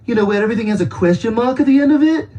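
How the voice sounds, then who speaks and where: A man's voice: extremely high pitch, lively intonation, rapid-fire, dark tone. A man voicing an adult male talking dog in a cartoon, exasperated and giving himself a pep talk. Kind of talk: animated sitcom dialogue.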